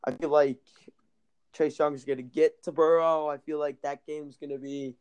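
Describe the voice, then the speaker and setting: A man's voice: on the high side, flat delivery, normal speed, darkish tone, clean tone, muffled recording. A young man co-hosting a casual sports podcast, laid-back and a little hesitant, often saying "I feel like". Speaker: podcast co-host.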